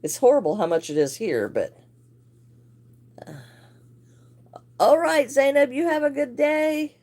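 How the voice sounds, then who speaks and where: Slow-talking woman crochet streamer. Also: sits high, very animated, a little mellow. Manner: chatty, greets viewers by name, laughs often. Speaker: crochet livestream host. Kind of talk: casual livestream chat with viewers.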